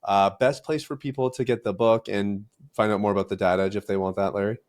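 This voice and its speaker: Man, podcast host, lowish voice, relaxed, affirming. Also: fairly quick. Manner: relaxed and affirming, short acknowledgements. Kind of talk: conversational podcast interview.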